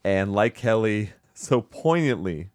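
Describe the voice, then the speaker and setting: A man hosting a casual movie-review chat, sarcastic and profane, talking in an animated way. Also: fairly low pitch, slow pace, no echo, studio quality. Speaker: podcast host.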